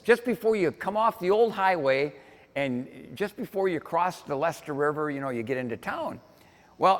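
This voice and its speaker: A high-voiced man telling a story to a crowd in a folksy, animated way. His pitch swings widely as he acts out each exchange. His voice rings with the long reverb of a big hall. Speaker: keynote speaker. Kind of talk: storytelling speech. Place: event hall.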